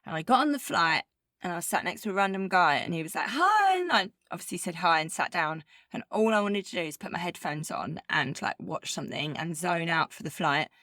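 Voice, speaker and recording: A woman's voice: fairly low pitch, fairly quick, bright, forceful tone, no room sound, studio quality. A woman co-hosting a podcast in casual chat, telling stories in a chatty, rambling way full of "like". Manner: chatty storyteller, lots of "like". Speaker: podcast co-host. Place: living in Bermuda as an expat.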